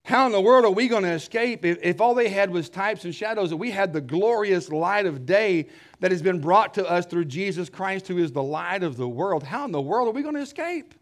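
A fiery preacher with a high-pitched male voice. He hammers his points with repetition and rhetorical questions, then drops to a low hush before building again. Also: expressive, a little fast. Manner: swings from loud emphatic shouting to low hushed tones; repeats phrases for emphasis, asks rhetorical questions. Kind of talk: fiery sermon.

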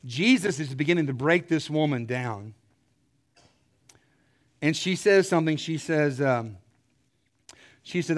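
A middle-aged man preaching a sermon, telling stories with animated energy and clearing his throat often. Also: on the high side, measured pace, pauses often.

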